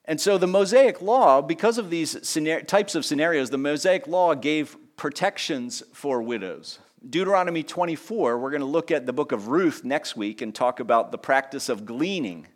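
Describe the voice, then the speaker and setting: A man preaching a sermon in a lively teaching tone, with conversational asides and small jokes. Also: normal speed, few pauses. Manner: lively teaching tone, pitch rising on key points and dropping low on asides. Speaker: pastor.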